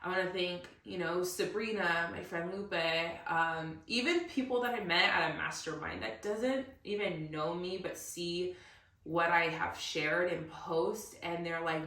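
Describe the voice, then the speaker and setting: Woman host, solo podcast, bright voice, slow and earnest, roomy sound, bit distant from the mic. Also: on the low side. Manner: earnest, emotional, motivational. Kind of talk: emotional solo podcast monologue. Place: room recorded alone. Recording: roomy echo, somewhat far from mic.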